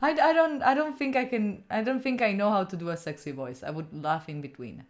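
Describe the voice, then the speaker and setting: This is casual live-stream talk from an Italian woman hosting a study session, speaking fairly quickly at a medium pitch. She jokes around with viewers, laughing and swearing a good deal.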